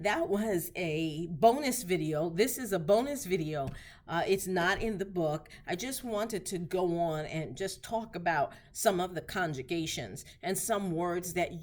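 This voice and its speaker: A woman teaching basic Spanish phrases, repeating each one slowly for learners to practice. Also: lowish voice. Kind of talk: slow instructional lesson.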